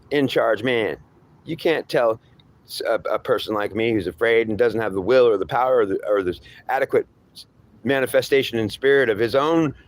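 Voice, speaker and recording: A man's voice: mid-range voice, voice pushed up, natural voice. A man voicing a frightened, powerless male underling who pleads and rambles indignantly at his superior.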